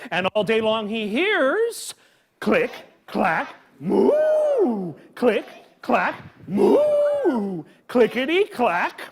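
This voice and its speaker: Lively man hosting a kids' story time. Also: extremely high pitch, slow, very noisy. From Midwest farm upbringing. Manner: animated, call-and-response with children. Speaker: children's TV host and storyteller. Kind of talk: live story time for kids. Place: public library event with a live audience.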